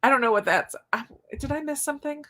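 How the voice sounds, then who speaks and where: A woman's voice: high voice, fast talker, a bit bright. A woman hosting a cozy reading-sprint livestream, chatting casually and reading out viewer comments with giggly asides. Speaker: booktube livestream host.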